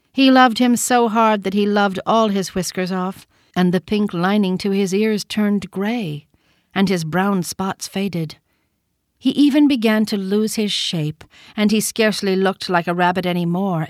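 A woman narrating a children's storybook in a gentle, measured reading. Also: medium pitch, dry recording, studio quality.

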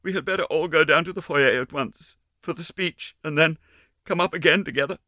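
A man's voice: a little high, brisk, sharp tone, no room sound, studio quality, pitched above the performer's own voice. A man voicing a timid little girl dancer who talks insistently and fearfully in an audiobook reading. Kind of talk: audiobook character voice.

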